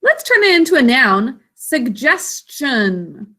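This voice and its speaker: A woman's voice: fairly high pitch, lively intonation, slow, sharp tone. A woman teaching an online literacy lesson over a video call, carefully sounding out words and encouraging her students.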